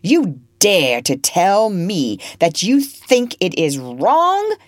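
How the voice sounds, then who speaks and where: A woman's voice: lowish voice, sing-song, extremely slow, dry recording, voice pushed up, exaggerated voice. A woman voicing a cruel, furious male plantation master who roars his lines. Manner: roaring, shouting.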